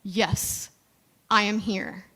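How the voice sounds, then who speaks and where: A woman voicing a calm, booming God, speaking low, slow and hushed. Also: long reverb tail, heavily acted. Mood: serene.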